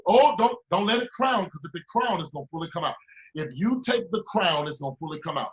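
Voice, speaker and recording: A man with a high voice delivering a motivational speech as a mentor. He preaches and repeats himself, swinging from loud, pushing exhortation to hushed asides. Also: expressive, a little fast. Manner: preachy, repetitive, swings between loud urging and low asides. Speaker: business mentor.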